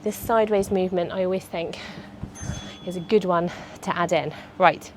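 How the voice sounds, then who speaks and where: A woman's voice: lowish voice, steady tone, moderate pace, noisy background. A woman, a fitness instructor chatting and cueing movements through a workout.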